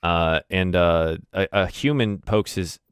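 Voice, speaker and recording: A man's voice: low voice, slow pace, smooth, no echo, studio quality. A man narrating as game master, rambling with many fillers and restarts.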